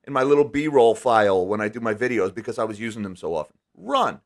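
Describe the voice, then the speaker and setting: A man's voice: fairly low pitch, very animated, quick pace. A man hosting a casual live stream, talking candidly and with emphasis, often restarting his words. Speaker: host.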